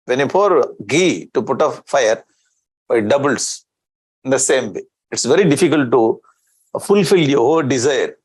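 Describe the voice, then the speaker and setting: A man's voice: mid-range voice, lively intonation, a little slow, slightly rough, low-quality recording. A man giving a scripture discourse as a swami, chanting Sanskrit verses and explaining them in with rhetorical questions.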